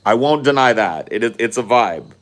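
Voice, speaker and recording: A man's voice: medium pitch, expressive, normal speed. Profane rambling man telling a story. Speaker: podcast host. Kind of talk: casual storytelling chat.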